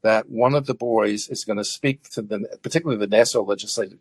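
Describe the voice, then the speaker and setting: A man speaking earnestly in a conversational interview, often halting with fillers and restarts. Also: lowish voice, dry recording. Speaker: guest activist.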